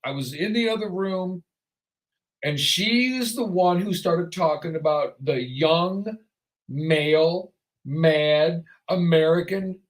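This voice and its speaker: Male talk host, high voice, sarcastic, rants on air. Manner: sarcastic, ranting. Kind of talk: solo talk show commentary.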